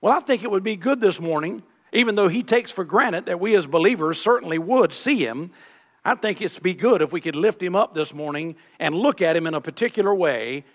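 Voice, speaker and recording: A man's voice: high-pitched, lively intonation, fairly quick, fairly bright tone. A man preaching a sermon, reciting scripture in old-fashioned wording and drawing out key words for emphasis. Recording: long reverb of a large hall.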